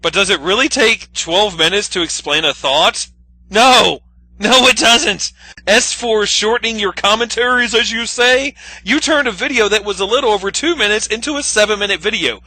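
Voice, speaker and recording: Man, sarcastic, exasperated, very high, bright. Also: normal speed, dry recording, rough recording. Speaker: commentary host. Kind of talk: sarcastic commentary.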